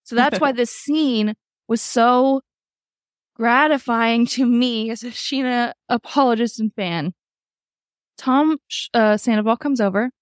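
A woman's voice: on the high side, a little slow, no echo, clean studio sound. A woman hosting a podcast, chatting casually through a reality-show recap, swearing freely and acting out quotes. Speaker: podcast host.

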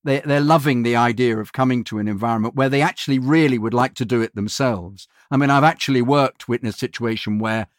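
A man, a voiceover actor, telling animated anecdotes in a casual interview. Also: medium pitch, quick pace, hardly any pauses, no room sound, clean studio sound. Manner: animated storyteller, mimics other voices in quotes. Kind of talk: anecdotal chat.

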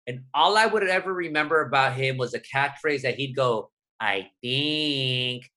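A man from Southern California, talking in a casual interview as a guest columnist, animated and full of fillers. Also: medium pitch, a little fast. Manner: animated, many fillers, quotes his younger self.

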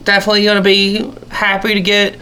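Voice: mid-range voice, monotone, fast talker, pushed and bright, smooth, lightly acted. A game master voicing a welcoming, folksy male tribal king of a roaming tribe in a tabletop game.

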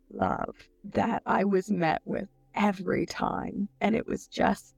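Middle-aged woman, unhurried and earnest, gravelly texture; personal testimony. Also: mid-range voice, level tone, a little mellow, no room sound. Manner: slow, reflective, earnest. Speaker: interviewee telling her near-death experience.

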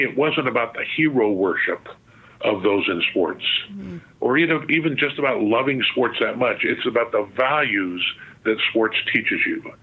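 A man from Southern California, a guest telling stories over the phone in a chatty way, full of fillers and restarts. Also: on the low side. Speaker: guest, sports museum president. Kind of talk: phone interview storytelling. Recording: tinny phone line.

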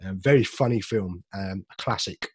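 A man's voice: deep voice, moderate pace, darkish tone, husky, no echo. A man co-hosting a podcast in casual chat, joking, reading film synopses aloud and swearing now and then. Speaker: podcast co-host.

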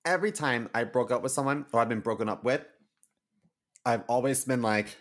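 A man co-hosting a casual comedy podcast, talking in a relaxed, frank and jokey way. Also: mid-range voice, fairly quick. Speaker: podcast co-host.

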